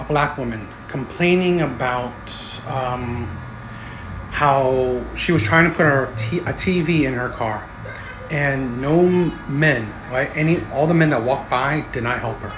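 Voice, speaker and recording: A man's voice: mid-range voice, a little slow, reverberant, music in the background, rough recording. A man hosting a commentary channel, giving emphatic, lecturing opinions and often tagging his points with "okay?" and "right?".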